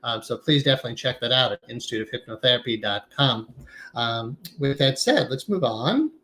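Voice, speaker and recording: A man giving a conversational lecture on meditation to a class, talking in a relaxed, reflective way with some fillers. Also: mid-range voice, fairly quick, rough recording. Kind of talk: casual lecture.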